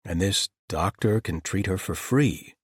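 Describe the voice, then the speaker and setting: A calm, thoughtful paladin from a storybook, as a man voices him. He speaks slowly and quietly in a low, husky voice. The sound is dry and close. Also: dry recording. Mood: curious. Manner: quiet, measured, curious.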